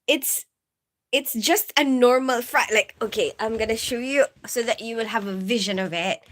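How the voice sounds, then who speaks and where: A woman's voice: a little high, normal speed. A woman chatting casually on a livestream, giggling often and greeting viewers as she goes. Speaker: nurse livestreamer.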